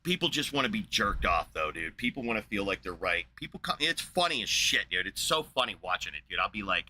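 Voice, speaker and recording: A man's voice: on the low side, big pitch swings, fairly quick, pushed and bright, a little hiss or hum. A man streaming a casual, profane rant in a blunt, combative way.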